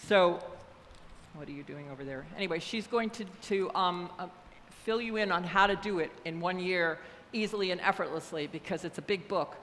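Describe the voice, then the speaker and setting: A woman's voice: lowish voice, fairly quick, fairly bright tone, a little hiss or hum. An older woman who serves as a church leader, giving casual, rambling announcements full of fillers. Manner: chatty, rambling, many fillers. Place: church hall. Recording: echoey hall, faint ambience.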